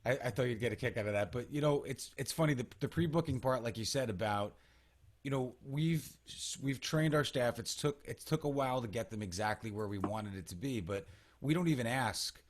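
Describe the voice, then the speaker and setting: A man who owns a salon, speaking on a panel in a conversational way with halting restarts. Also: mid-range voice.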